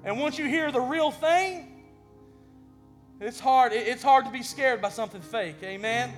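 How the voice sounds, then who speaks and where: A man preaching a sermon with passion, swinging between loud bursts and quiet lines, often repeating words as he goes. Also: very high-pitched, measured pace, faint music behind. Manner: impassioned, rising and falling in loudness; repeats words when stumbling.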